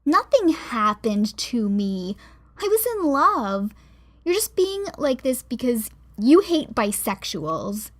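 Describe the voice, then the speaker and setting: A woman's voice: fairly high pitch, very animated, takes it slowly, full character voice. Woman reading as a young heartbroken girl lashing out. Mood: angry. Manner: sharp, lashing out.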